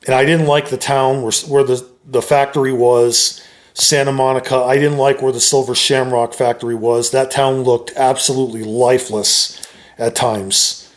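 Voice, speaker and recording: A man talking straight to his viewers, giving his opinion of a horror film in a relaxed, conversational way with frequent hedges. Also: medium pitch, moderate pace. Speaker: YouTuber reviewing a film. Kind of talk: casual opinion monologue.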